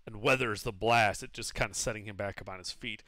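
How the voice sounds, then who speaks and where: A man's voice: on the low side, brisk, pushed and bright, no room sound. A man narrating as game master of a tabletop game, talking casually and explaining rules with fillers.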